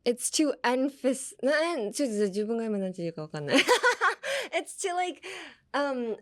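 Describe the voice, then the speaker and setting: A woman's voice: sits high, big pitch swings, fairly quick, fairly bright tone. A young woman hosting a podcast, chatting casually as she explains English phrases from anime and switching between English and Japanese with frequent laughs. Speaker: podcast host teaching English through anime lines. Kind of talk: casual bilingual teaching chat.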